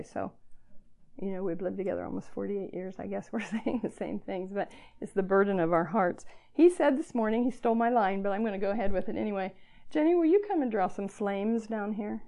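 Older woman over sixty, earnest homespun preacher with a gravelly voice and a mellow tone. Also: medium pitch. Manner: earnest, self-deprecating, emotional at times. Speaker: speaker addressing girls at church gathering. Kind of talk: sermon.

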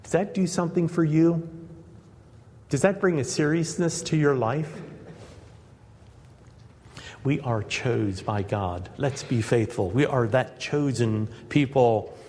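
A man's voice: mid-range voice, slow pace, long pauses, darkish tone, in a large hall, slight background noise. A man preaching a sermon to his congregation in an earnest manner, building to emphatic peaks.

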